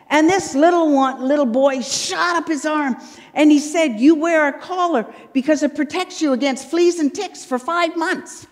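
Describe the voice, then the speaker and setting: A woman minister telling a children's story in a sermon, with dramatic pauses. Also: a little high, a little mellow. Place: church sanctuary. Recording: long church reverb.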